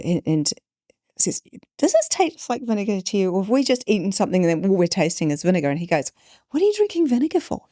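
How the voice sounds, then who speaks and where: A woman's voice: fairly low pitch, no room sound, studio quality. A woman, a podcast guest telling a story in conversation and acting out the people she quotes. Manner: animated, acts out quoted voices.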